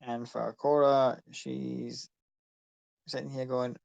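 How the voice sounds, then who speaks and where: A man's voice: mid-range voice, little pitch movement, normal speed, darkish tone, no echo. A man narrating as game master, describing scenes casually.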